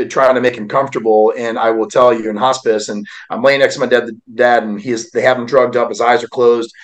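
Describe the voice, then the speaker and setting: A man's voice: medium pitch, rough recording. Earnest man in his forties telling his story. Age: 40s. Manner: earnest, heartfelt, preacher-like delivery. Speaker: podcast guest. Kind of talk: emotional personal storytelling.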